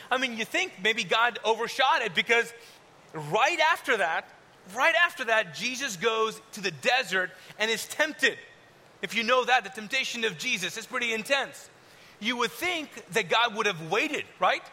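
A man preaching a sermon in a casual, conversational way, at times dropping to a soft, hushed tone. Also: very high-pitched, animated, normal speed. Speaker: pastor. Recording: long hall reverb, faint hiss.

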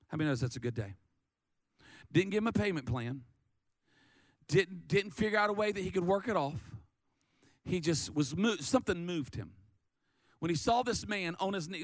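A man preaching a sermon, animated and lively, often stammering and repeating words as he acts out the story. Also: a little high, normal speed, no room sound. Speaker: pastor.

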